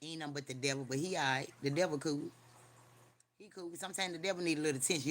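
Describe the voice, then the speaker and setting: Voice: mid-range voice, fast talker, a bit bright. A livestream host talking casually from home, rambling and profane, mixing a spooky personal story with street preaching and often checking in with viewers. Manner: rambling, slangy and profane, keeps asking viewers "you hear me?".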